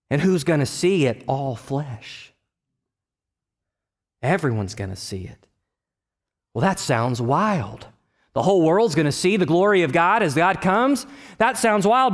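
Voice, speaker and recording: A man in his thirties from Texas preaching a sermon, conversational with personal stories, rising to loud emphatic bursts and dropping to quiet low asides. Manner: conversational, with restarts and personal anecdotes. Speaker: pastor.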